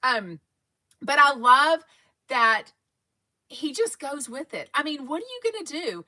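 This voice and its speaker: With a sharp, high-pitched voice that swings widely in pitch, this Texan woman hosts a laid-back fan livestream at a measured pace. She chats, rambles, and reads viewer comments aloud, as a fan podcast host would.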